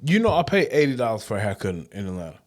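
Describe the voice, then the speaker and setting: A man co-hosting a podcast, chatting casually in laid-back slang from Houston, often trailing off quietly. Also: on the low side, sing-song, rapid-fire. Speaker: podcast co-host. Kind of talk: casual banter.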